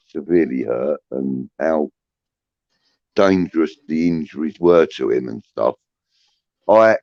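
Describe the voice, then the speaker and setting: A man's voice: low-pitched, a little mellow, dry recording, highs cut off. A man hosting a casual livestream, rambling with many restarts and swearing, reading out chat comments. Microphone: phone.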